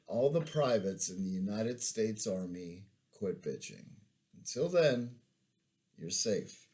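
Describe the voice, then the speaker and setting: A man in his forties reads from his own memoir, taking his time over each line. His voice sits low, and the pace is slow and measured like a storyteller's. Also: big pitch swings, a little mellow. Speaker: veteran author reading his memoir. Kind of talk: memoir reading.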